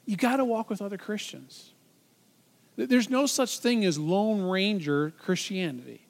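A man's voice: sits high, a little slow, gravelly. A man preaching a sermon to a church congregation, conversational and encouraging, with playful banter on stage. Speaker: pastor.

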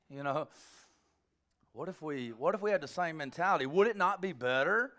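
Preacher guy going off in a sermon, jokey and rambly, bright punchy voice that swings all over. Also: fairly high pitch, fairly quick. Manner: animated, joking, rambling asides. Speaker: pastor.

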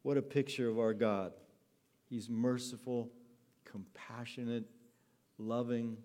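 A male pastor preaching in a church hall, pitched squarely in the middle range for a man. He talks earnestly and in storyteller fashion, easing into a soft, tender tone as he speaks. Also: fairly even intonation, slow pace. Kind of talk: sermon.

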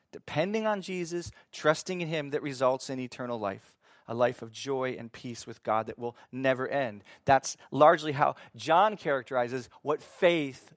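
A man teaching from the Bible in a sermon, reading scripture slowly and asking his listeners questions that he then answers himself. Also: mid-range voice, no room sound, clean studio sound. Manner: reads scripture slowly and deliberately. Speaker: preacher.

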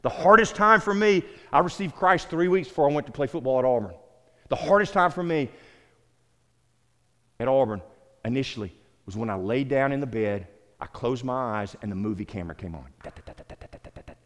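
In a hall with long reverb, a middle-aged pastor from the American South teaches a small group conversationally, naming listeners and repeating words. He sounds expressive and a bit bright, with a medium pitch and slightly fast pace.

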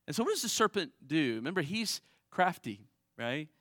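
A man preaching a sermon in a conversational way, often checking in with "right?", swinging between raised emphasis and quiet asides. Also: fairly high pitch, sing-song, moderate pace, no echo, studio quality. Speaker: pastor.

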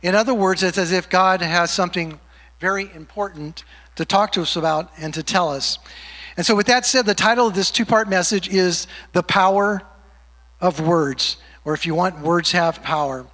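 High-voiced pastor preaching in a reverberant church. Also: male voice, sharp tone. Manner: joking, conversational, slows to read scripture. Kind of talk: sermon. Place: church sanctuary. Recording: long hall reverb.

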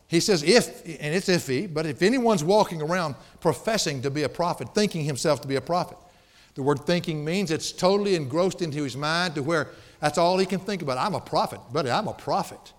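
A pastor preaching a sermon in a church sanctuary, emphatic and folksy, with playful asides. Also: male voice, fairly high pitch, animated, a little fast. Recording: long hall reverb.

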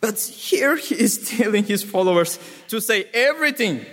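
A man preaching a sermon, emphatic and deliberate, repeating key words for effect. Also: high voice, animated, fairly bright tone. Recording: reverberant hall.

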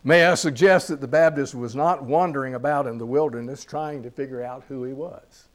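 A man preaching a sermon. He grows loud and slow when he reads scripture, drops quiet on asides, and repeats phrases for emphasis. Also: mid-range voice. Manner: slows on key lines, repeats phrases.

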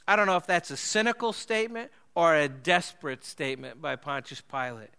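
A man preaching a sermon, earnest and emphatic, slowing and dropping his voice low to stress key phrases. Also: vocal fry, pushed and bright, clear, resonant tone.

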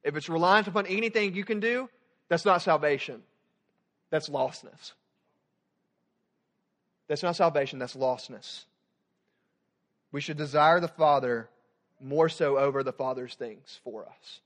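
A young man preaching a sermon as student pastor, animated, swinging from loud emphatic points to quiet soft passages. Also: a little high, unhurried, pauses often.

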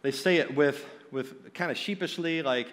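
A man gives an earnest, direct sermon, often stumbling and restarting mid-phrase. His voice sits a little high for a man. The sound trails off into a long reverb, as in a big hall. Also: normal speed. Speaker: preacher.

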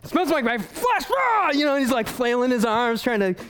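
A man's voice: extremely high pitch, big pitch swings, normal speed, fairly bright tone, slight background noise, pitched above the performer's own voice, exaggerated voice. A man voicing a furious, sunburnt prophet who shrieks and flails in the heat. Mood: frantic.

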